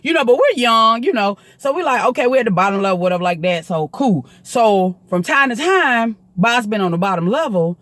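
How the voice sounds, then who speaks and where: A woman with a Southern US accent telling a story in a chatty, profane, animated way to the camera. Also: fairly high pitch, fairly quick, hardly any pauses, no echo.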